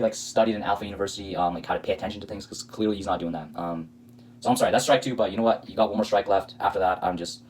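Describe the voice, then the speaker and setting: A man's voice: fairly low pitch, breathy edge, low-quality recording. A man hosting a reaction video, talking casually with sarcastic, indignant, rambling commentary.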